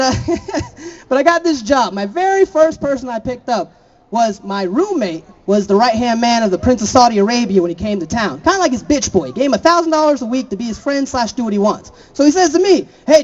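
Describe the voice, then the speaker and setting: A man's voice: very high-pitched, dull audio. A young man from Florida doing a stand-up set, laughing at his own jokes and throwing chatty asides to the crowd. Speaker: stand-up comedian.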